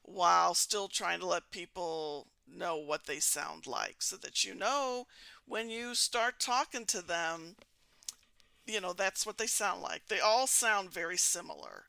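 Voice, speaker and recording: A woman's voice: fairly low pitch, measured pace, vocal fry, sharp tone, no echo. A woman from Missouri chatting casually and with amusement as a podcast host, with frequent fillers. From Missouri, United States. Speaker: podcast host baiting romance scammers. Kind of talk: casual commentary.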